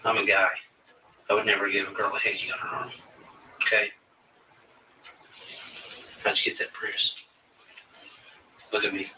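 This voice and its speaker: A man investigating a case, questioning a witness in a recorded interview with steady, probing questions. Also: lowish voice, normal speed, long pauses. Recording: distant mic with faint hiss.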